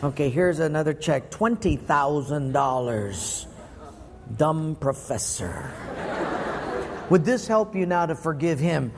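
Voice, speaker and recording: A man with a fairly high, gravelly voice preaches a sermon, spinning playful, punchy stories. His voice carries a long reverb from a large hall, over a faint hiss. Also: animated, measured pace, darkish tone. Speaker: pastor.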